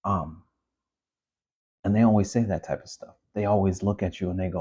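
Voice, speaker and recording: Low husky man ranting on a podcast. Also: steady tone, normal speed, pauses often, dark tone. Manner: ranting, heated, many restarts and asides. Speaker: podcast host. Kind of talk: casual commentary monologue.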